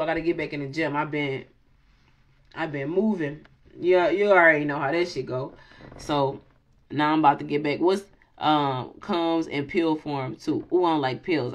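A woman's voice: deep voice, muffled recording. A woman in her late thirties hosts a tarot video in casual, freewheeling talk, swearing, joking and laughing often as she mixes prayer with banter. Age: late 30s. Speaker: tarot reader and channel host.

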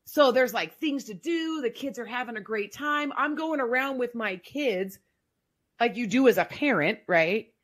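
A woman's voice: fairly high pitch, animated, unhurried. A woman guest on a podcast, telling her personal story in a candid, emphatic, casual way, with frequent "like" fillers.

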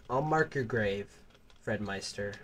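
Brief: man casually commentating a game, joking and rambling, slow delivery. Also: on the low side, background noise. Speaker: gaming channel host.

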